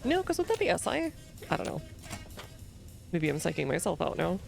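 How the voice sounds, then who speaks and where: A woman's voice: on the low side, huge pitch swings, fairly quick, vocal fry, faint music behind. A woman streaming a game, chatting casually with rambling, self-questioning asides. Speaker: gaming streamer. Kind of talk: casual let's-play commentary.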